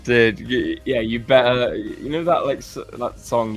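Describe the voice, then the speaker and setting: A man's voice: medium pitch, animated, measured pace, few pauses, soft background music. A man co-hosting a casual live stream, rambling and laughing, feeling a little under the weather. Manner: rambling, laughs often, restarts. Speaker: co-host.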